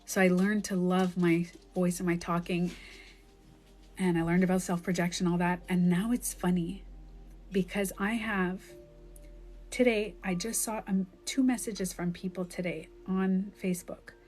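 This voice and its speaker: A woman's voice: fairly low pitch, fairly even intonation, unhurried, darkish tone, faint music behind. Candid woman on a phone live stream. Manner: candid, emotional storytelling with frequent "like". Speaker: life coach.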